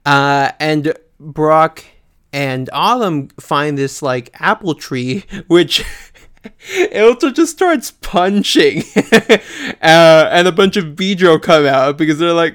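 A man co-hosting a podcast in casual chat, chatty, filling pauses with ums and often laughing. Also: on the high side, lively intonation, fairly bright tone, clear, resonant tone. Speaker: podcast co-host.

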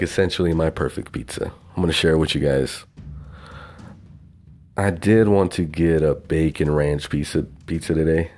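Young southern guy, very low voice, casual podcast rambling, swears a lot. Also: steady tone, moderate pace, a little mellow. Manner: rambling, swears often, laughs at himself. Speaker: podcast host. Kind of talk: casual solo podcast monologue.

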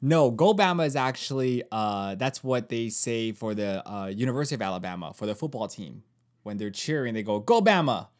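A man co-hosting a podcast, joking around with wordplay in casual chat, often pausing with fillers. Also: lowish voice, expressive. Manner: jokey, wordplay, hesitant fillers. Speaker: podcast co-host.

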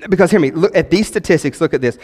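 Man, pastor in his thirties, high-voiced, impassioned preaching with loud and hushed swings, reverberant church hall. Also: expressive, fast. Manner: impassioned, swings between loud exhortation and quiet emphasis. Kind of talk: sermon. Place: church sanctuary.

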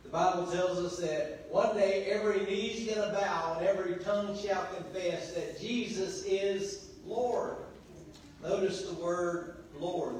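A male pastor preaches a sermon, his fairly high voice drifting between hushed and ringing passages as he draws responses from the congregation. He stands some way from the mic, so his words wash through the long, booming echo of the church hall, with a faint hum of the room beneath. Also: recorded from a distance. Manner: preaching with call-and-response, swinging between quiet and loud passages. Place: church sanctuary. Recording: very echoey church hall, voice from afar.

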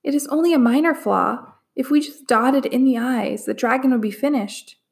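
Kind courtier, soothing and placating, higher voice, woman reading. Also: normal speed, gravelly. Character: kinder male courtier, gentle.

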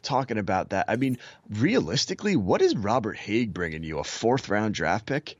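Podcast co-host, male, very low voice, blunt opinions, dull dry recording. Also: big pitch swings, moderate pace, no room sound. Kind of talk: casual sports chat.

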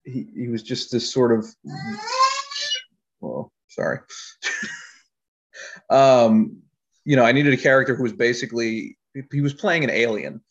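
A man talking about his filmmaking in a casual interview, rambling, with frequent laughter. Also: medium pitch. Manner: rambling storyteller, laughs often. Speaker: filmmaker guest. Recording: dull lo-fi audio.

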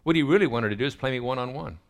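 During a sermon, a middle-aged pastor shares family stories, performing the dialogue with lively storytelling flair. He speaks at a racing pace in a gravelly, medium-pitched voice.

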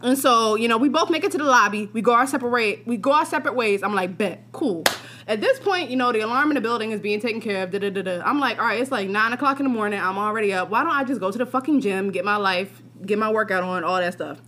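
A young woman with a high voice tells a story on a casual podcast, profane and animated. A faint hum sits under her voice. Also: quick pace. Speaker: podcast co-host.

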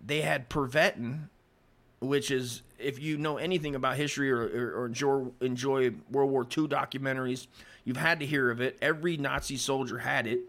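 A man's voice: medium pitch, fairly even intonation, normal speed, a bit bright. A man hosting a podcast, reading history aloud and breaking off into rambling, profane asides, and he often stumbles over the written words. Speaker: podcast host.

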